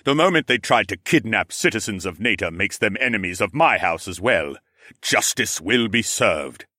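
A man voicing a stern male alien lord who speaks solemnly and deliberately. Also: lowish voice, expressive, pushed and bright, no room sound, studio quality. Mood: resolute. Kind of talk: audiobook character voice.

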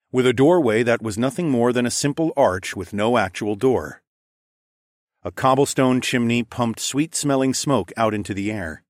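A man narrating a first-person fantasy story in a steady, descriptive storytelling voice. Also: mid-range voice, dry recording, studio quality. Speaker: audiobook narrator.

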